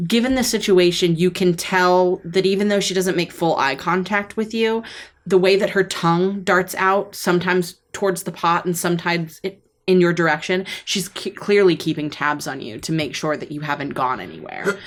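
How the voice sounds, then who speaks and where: A woman's voice: fairly low pitch, normal speed. Casual woman game master narrating. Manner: casual narration with many fillers.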